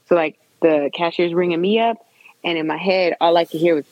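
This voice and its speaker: A woman in casual podcast conversation, telling a long personal story with animated retold dialogue. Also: lowish voice, fast, dry recording, lo-fi sound.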